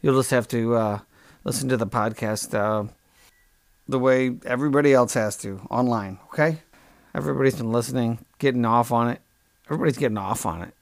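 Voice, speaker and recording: A man hosting a comic podcast, rambling deadpan and correcting himself mid-sentence. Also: medium pitch, no echo. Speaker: podcast host.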